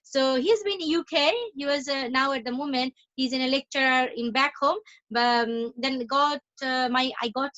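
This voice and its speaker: High, bright-voiced Bangladeshi-born woman on a call. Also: moderate pace. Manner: talkative, repeats and restarts phrases often. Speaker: interview guest, entrepreneur. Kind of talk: casual interview chat. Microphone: video call. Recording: dull lo-fi call audio.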